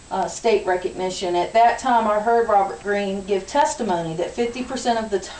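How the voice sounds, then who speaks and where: A woman giving an informative class speech, measured and explanatory, with frequent ums. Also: mid-range voice, a little mellow. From Virginia. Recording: distant, echoey room with hiss.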